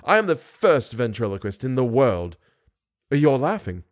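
A man's voice: medium pitch, sing-song, unhurried. A man voicing a menacing masked male phantom in a storybook reading, wheedling and mocking by turns. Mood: brooding. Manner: wheedling, mocking, sudden bursts of glee.

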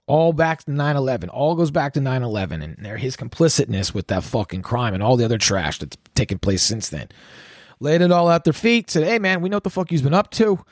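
A man's voice: mid-range voice, dry recording, studio quality. A man hosting a podcast alone, ranting in a profane, rambling, sarcastic way. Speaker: podcast host. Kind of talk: solo ranting commentary.

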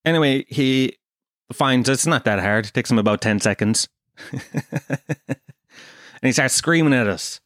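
Irish comic host telling a story. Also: male voice, medium pitch, moderate pace, pauses often, fairly bright tone, no echo, clean studio sound. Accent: Irish, Kerry. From Kerry, Ireland. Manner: profane, self-deprecating. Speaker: podcast host.

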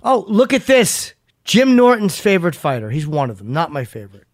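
A man's voice: a little high, very animated, a little fast, no echo, clean studio sound. A man hosting a podcast, telling rambling self-mocking stories in casual chat and swearing freely. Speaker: podcast host.

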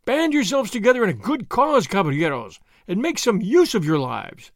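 Man voicing Zorro, a scornful masked highwayman. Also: big pitch swings, moderate pace, no echo, clean studio sound. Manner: lofty, declamatory and scornful. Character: bold masked male highwayman, scornful and commanding.

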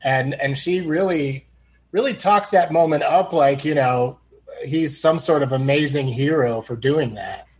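A man with a slightly raised voice, joining a casual chat. He sounds relaxed and easygoing, with laughs between his thoughts. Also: fairly high pitch, measured pace.

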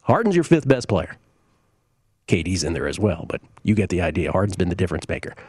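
A man's voice: deep voice, sing-song, fast, a little mellow, husky, dry recording, clean studio sound. A man hosting a sports betting talk show, giving opinionated, conversational takes on games and bets with plenty of fillers and asides. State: coughing, briefly choked up. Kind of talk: casual sports betting talk, reading listener tweets.

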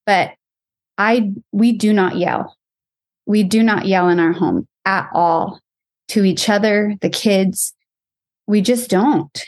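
A woman's voice: mid-range voice, takes it slowly, long pauses. A mom and program co-founder speaking as an interview guest, stating her views firmly and with emphasis. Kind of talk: casual interview conversation.

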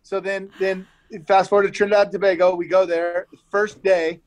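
A man's voice: sits high, little pitch movement, fairly quick. A man telling a long story in casual podcast chat, laid-back and slangy, with lots of "like" and "dude" and frequent repeats. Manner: rambling storyteller who repeats himself. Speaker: guest storyteller.

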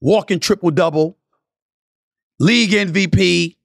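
A man hosting a sports podcast rants through a solo commentary with a fairly high, forceful voice. He builds to emphatic, passionate runs and then sinks into grumbling asides. It is recorded dry and close, with no room sound. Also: measured pace, creaky, no echo. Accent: New York. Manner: emphatic, rising to impassioned lists and dropping to low asides. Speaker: podcast host.

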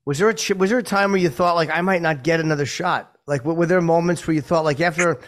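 A man's voice: a little high, quick pace. A man co-hosting a podcast, wry and mock-complaining in casual banter. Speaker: co-host.

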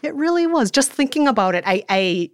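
A woman's voice: high voice, sing-song, brisk, clean tone, dry recording, clean studio sound. A woman co-hosting a podcast in casual chat, emotional and laughing often. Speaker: podcast co-host.

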